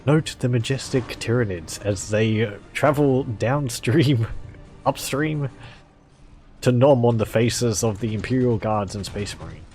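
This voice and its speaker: A man imitating a male nature documentary narrator, speaking in a slow, hushed, mock-solemn way. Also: medium pitch, soft background music, natural voice.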